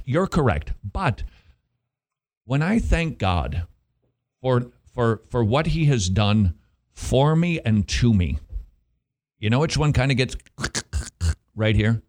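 A man hosting a Christian talk show, emphatic and preachy with a teasing edge. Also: mid-range voice. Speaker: host.

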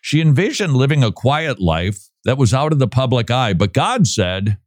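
A man hosting a talk show, giving sarcastic, animated commentary and laughing often. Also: medium pitch, moderate pace, no room sound, studio quality. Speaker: podcast host. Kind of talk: casual commentary.

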